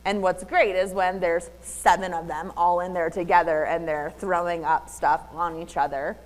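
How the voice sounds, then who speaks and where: A woman giving an animated, chatty talk at a public library, now and then slipping into a high baby voice. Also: moderate pace, big-room sound. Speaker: library presenter. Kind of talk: community talk with slides. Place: public library meeting room.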